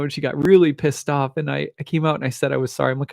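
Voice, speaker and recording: A man's voice: fairly high pitch, steady tone, racing, gravelly, few pauses, a little mellow, no echo, clean studio sound. A man in his thirties, an astrologer, giving a thoughtful personal talk with frequent restarts and small laughs. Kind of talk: reflective personal monologue.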